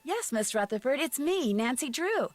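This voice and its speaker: A woman's voice: high voice, very animated, moderate pace. An actress voicing an earnest, polite young woman detective in a game.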